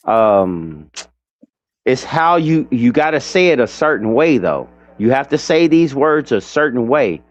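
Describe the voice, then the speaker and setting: A man hosting a casual panel chat, insistent and explaining things with drawn-out words. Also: medium pitch, sing-song. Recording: dull lo-fi sound.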